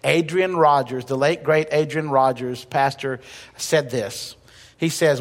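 A man's voice: medium pitch, steady tone, a little slow. A male pastor preaching a sermon in a conversational way, with light humor and emphatic repetition. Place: church sanctuary. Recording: long reverb of a church hall.

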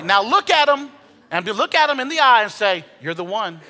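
A man preaching a sermon as pastor, swinging from hushed asides to loud, animated calls and leading the congregation to repeat phrases. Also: high voice, quick pace. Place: church sanctuary. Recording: long reverb of a large hall.

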